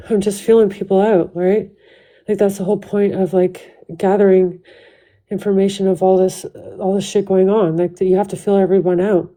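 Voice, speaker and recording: Her voice is mid-range and dark, her delivery flat, and the recording rough. She's a livestream host speaking straight into her phone, angrily venting in a heated, profanity-filled rant full of quick restarts.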